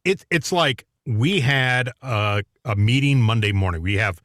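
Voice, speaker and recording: A man co-hosting a casual radio talk show, opinionated and quick to chuckle. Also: medium pitch, expressive, a bit bright, dry recording, clean studio sound.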